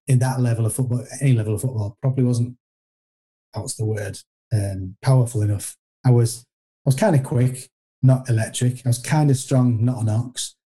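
A man's voice: medium pitch, warm tone. A middle-aged man, a former footballer telling stories in a casual interview, rambling and self-deprecating with many restarts.

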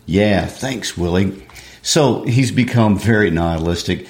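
Deep-voiced man talking through a play. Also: a little slow, a little mellow. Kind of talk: discussing a play. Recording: echoey room.

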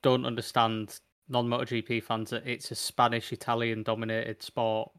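A man's voice: mid-range voice, completely flat delivery, moderate pace, a bit bright, smooth, dry recording, clean studio sound. A man from the United States in casual podcast chat, hesitant and repeating words as he thinks.

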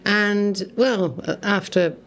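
A woman's voice: mid-range voice, drawn-out words. An older woman from Gloucestershire with a Gloucestershire accent, chatting as a podcast guest and telling stories from her past. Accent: Gloucestershire English. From Gloucestershire, England. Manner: chatty storyteller, laughs while telling stories. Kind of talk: casual chat. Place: a home.

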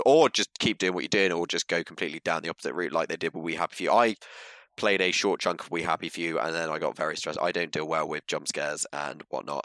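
A man's voice: a bass voice, no echo. A man co-hosting a podcast, chatting casually about games and mimicking for laughs. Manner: animated, mimics accents for laughs. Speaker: podcast co-host. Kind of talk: casual gaming chat.

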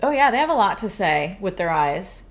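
A woman in her thirties, a podcast co-host telling a story in casual chat with a theatrical, animated delivery. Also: medium pitch, moderate pace.

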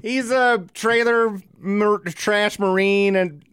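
A man's voice: high voice, steady tone, slow pace, a bit bright, clear, resonant tone, no room sound, studio quality. A middle-aged man from the American Midwest, co-hosting a podcast in a casual, profane, joking rant. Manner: profane, ranting, jokey. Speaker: podcast co-host. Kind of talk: casual chat.

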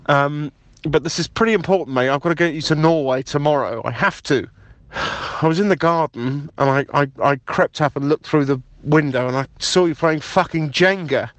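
A man's voice: on the high side, moderate pace, a bit bright, no echo. Pushy man leaving voicemails. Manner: conspiratorial, pushy, matey. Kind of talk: improvised comedy voicemail. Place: car.

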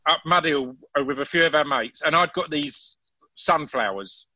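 A man telling stories in a casual chat, animated, with frequent restarts. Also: fairly high pitch, moderate pace, no room sound, rough recording.

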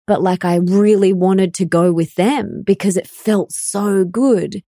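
A woman in her thirties telling a deeply personal story in an earnest, emotional way, with many "like" fillers. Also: a little slow, mellow, no room sound, clean studio sound. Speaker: podcast host.

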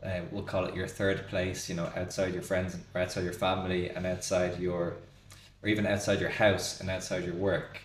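A man's voice: sits low, level tone, moderate pace, slight background noise. A man hosting a podcast in a pub, talking casually and rambling until he loses his train of thought. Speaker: podcast host. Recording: roomy pub with faint ambience.

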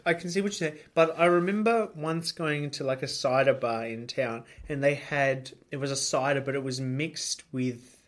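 A man's voice: mid-range voice, normal speed. A man co-hosting a casual podcast, rambling with lots of fillers as he talks. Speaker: podcast co-host. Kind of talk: casual chat.

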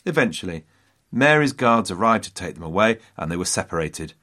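A man narrating history with a low voice that swoops lively up and down. He tells the story dramatically. He breaks off for wry asides to his audience. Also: a little fast. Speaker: history podcast host.

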